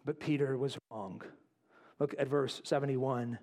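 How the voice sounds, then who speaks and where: A male pastor preaching a sermon, acting out quotes and dropping to quiet asides. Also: medium pitch, unhurried. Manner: animated, acts out voices in quotes, drops to quiet asides.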